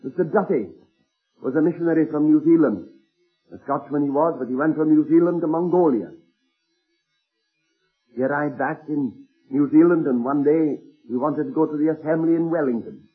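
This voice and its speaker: Husky male preacher on a tinny tape. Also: fairly high pitch. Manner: earnest anecdotal retelling with slowed emphasis. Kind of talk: sermon storytelling. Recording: tinny phone-like old sermon tape.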